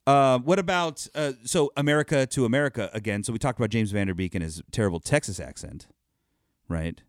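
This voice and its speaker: A man's voice: mid-range voice, a little fast, no room sound, clean studio sound. A man in his thirties co-hosting a casual chat, joking, laughing often and swearing. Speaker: podcast co-host.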